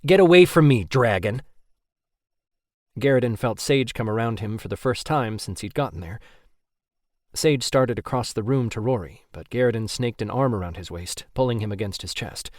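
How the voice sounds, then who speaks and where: A man narrating an audiobook in a steady, even storytelling manner. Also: fairly low pitch, moderate pace, dry recording, clean studio sound.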